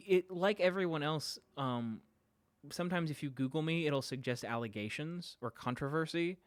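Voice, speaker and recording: A podcast host streams from home with his dog, chatting informally with viewers in a rambling, self-deprecating way and often stopping mid-sentence. His voice is medium-pitched with a clean tone.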